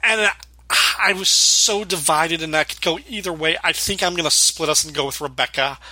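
A male podcast host with a bright, ringing tone that sits a bit higher than most men's. He talks casually and rambles, scattering "like" through his sentences and acting out quotes. The sound is dry and close, with almost no room. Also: moderate pace, no echo. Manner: rambling, heavy use of "like", acts out quotes. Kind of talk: casual chat recapping a sitcom episode.

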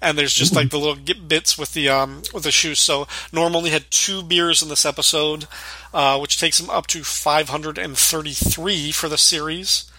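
A man's voice: fairly high pitch, fairly even intonation, normal speed, pushed and bright, dry recording. A man hosting a podcast, chatting casually about a sitcom episode in a rambling way, full of "like" and acted-out quotes. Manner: rambling, heavy use of "like", acts out quotes. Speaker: podcast host.

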